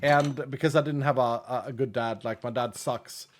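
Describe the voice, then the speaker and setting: A man's voice: medium pitch, steady tone, moderate pace, a little hiss or hum. A man streaming a game, chatting casually and rambling, often laughing. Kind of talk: casual gaming commentary.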